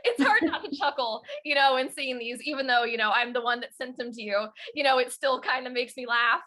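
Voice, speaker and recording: Giggly young woman with a high bright voice. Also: brisk. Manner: giggly, chatty, many fillers. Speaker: audiobook narrator, guest. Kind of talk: casual interview chat.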